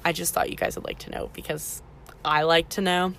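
A woman's voice: fairly low pitch, little pitch movement, brisk, vocal fry, fairly bright tone. A woman hosting a casual podcast, talking beginners through the basics in a chatty way and correcting herself as she goes. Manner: chatty, self-correcting, teaching beginners step by step. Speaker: podcast host.

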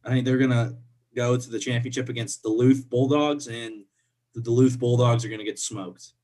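A man's voice: medium pitch, fairly even intonation, normal speed, darkish tone. A young man from co-hosting a casual sports podcast, playful and laughing often as he trash-talks.

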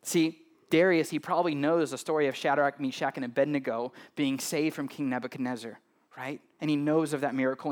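Speaking at medium pitch, a male pastor gives his sermon conversationally and loosely, frequently adding "right?" and trading jokes with the congregation.

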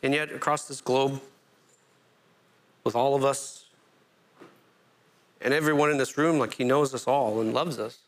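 A man preaching a sermon as pastor, animated and self-interrupting, climbing to emphatic peaks. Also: medium pitch, measured pace, pauses often.

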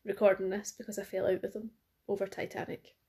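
A young woman co-hosts a podcast, chatting casually and teasing her partner. She talks in a loose, rambling way, full of "like" and "obviously", with her voice at an ordinary middle pitch. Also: flat delivery, fast, gravelly, a little mellow. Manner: chatty, teasing, laughs often. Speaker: podcast co-host. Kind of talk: casual chat.

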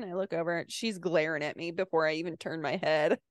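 A woman's voice: fairly low pitch, quick pace, no echo. A woman co-hosting a podcast in casual chat, telling stories with frequent laughs. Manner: chatty storyteller, laughing often. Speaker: podcast co-host.

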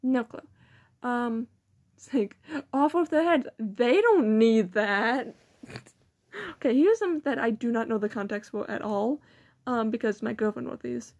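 Teenage girl, high-pitched, casual rambling chat, giggly. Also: expressive, a little slow, darkish tone. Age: teens. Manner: rambling, giggly, quotes people in mocking voices. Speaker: student vlogger.

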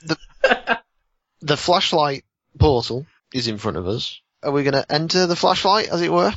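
A man in a tabletop game talks with a bouncing, animated pitch, laughing a lot and restarting his thoughts. His voice is close and dry with no room sound. The audio is a little muffled. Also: dry recording. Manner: lively, laughing, halting restarts. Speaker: player. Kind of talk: casual tabletop play.

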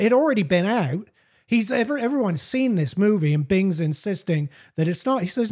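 A woman's voice: medium pitch, expressive, fairly quick, darkish tone. Profane, mocking woman podcast host. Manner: profane, mocking, laughs while reading. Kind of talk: comedic commentary reading chat logs.

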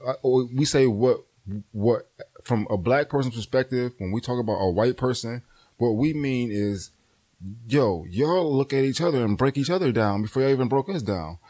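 A man's voice: mid-range voice, animated, moderate pace, mellow. A man who argues his points in an insistent, lecturing, profane way in casual chat.

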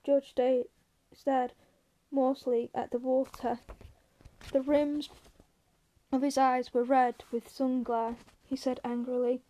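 A woman reading a novel aloud as narrator, steady and even, with the odd small slip. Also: high-pitched, measured pace, poor audio. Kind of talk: audiobook reading.

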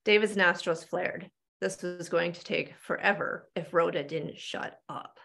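A woman author reading her novel aloud in steady, measured narration over a video call. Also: lowish voice, gravelly.

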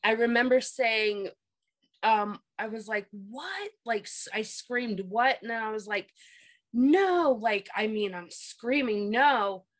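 A woman's voice: mid-range voice, steady tone, unhurried, low-quality recording. A woman telling a personal story in a casual chat, rambling and repeating herself with many fillers. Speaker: guest telling a paranormal experience.

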